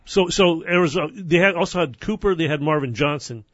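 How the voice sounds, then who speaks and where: A man from northern New Mexico hosting a sports radio interview, easygoing and quick to chime in with agreement. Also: a little high, no echo, lo-fi sound.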